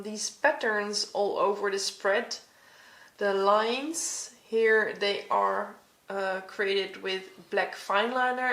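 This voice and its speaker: A woman giving a reflective commentary as she flips through her art journal, soft-spoken and hesitant, with many ums and restarts. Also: mid-range voice, roomy sound.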